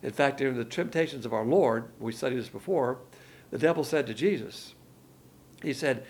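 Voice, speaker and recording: A man's voice: mid-range voice, moderate pace, a little mellow, husky. A man preaching a sermon, colloquial and emphatic, with slangy asides.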